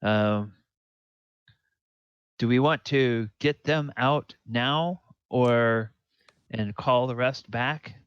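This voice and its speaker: A man voicing an eager male adventuring companion who talks earnestly and quickly. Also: medium pitch, clean tone, no echo, lo-fi sound. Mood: urgent.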